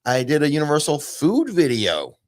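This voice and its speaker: A man's voice: a little high, huge pitch swings, normal speed, dry recording, clean studio sound. A man hosting a casual theme park news podcast, chatty and loose, with plenty of fillers. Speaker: podcast host.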